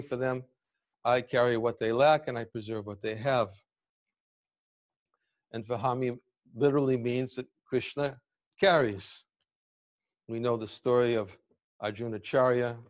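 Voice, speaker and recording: Male devotional teacher, middle-pitched, measured and thoughtful delivery, reads passages aloud. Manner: deliberate, searching for words, reading commentary aloud. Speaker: spiritual teacher giving a class. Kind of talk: devotional scripture class.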